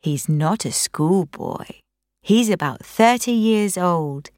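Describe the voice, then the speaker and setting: A woman's voice: on the low side, expressive, slow pace, darkish tone, no echo, clean studio sound. A woman reading a novel aloud, voicing a joking younger brother who teases his sister. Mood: teasing. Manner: joking, teasing tone. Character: cheeky younger brother, teasing. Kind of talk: audiobook character reading.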